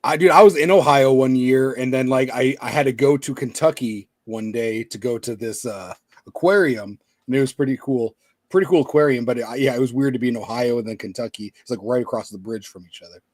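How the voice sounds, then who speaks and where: A man's voice: medium pitch, a little fast, no echo, studio quality. A man from Arizona chatting casually on a live stream, agreeing easily and laughing along.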